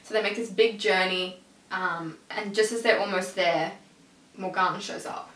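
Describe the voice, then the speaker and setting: Young woman, excitable rambling reviewer; bright tone, roomy distant sound. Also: mid-range voice, normal speed. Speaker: reviewer retelling an episode. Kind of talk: casual chat. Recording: echoey room, a bit far from the mic.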